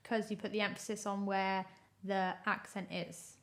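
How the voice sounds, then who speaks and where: A woman co-hosting a podcast in casual chat, teasing with quick quips. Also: mid-range voice, little pitch movement. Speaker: podcast co-host.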